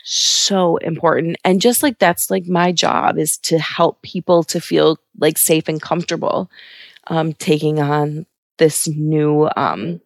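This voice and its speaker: Low-pitched woman, company rep, upbeat and unhurried, dry mic. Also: fairly even intonation, gravelly, no room sound. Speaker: company representative. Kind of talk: casual interview talk.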